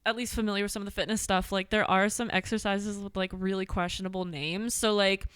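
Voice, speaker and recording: A woman's voice: mid-range voice, steady tone, fairly quick, fairly bright tone, clear, resonant tone, no room sound, clean studio sound. A young woman chatting as a podcast guest about fitness, talkative with plenty of fillers and laughter. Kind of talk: casual podcast chat.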